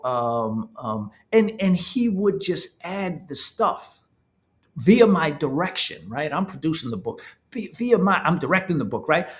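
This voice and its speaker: A man, an author, talking casually and enthusiastically to camera, often checking in with "right?" and "you know". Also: a little high. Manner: enthusiastic, animated emphasis.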